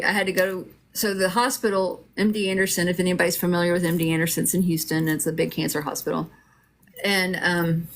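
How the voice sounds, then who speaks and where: A woman's voice: on the low side, vocal fry, fairly bright tone. A middle-aged woman telling her own story in a casual, rambling way, with lots of fillers and restarts.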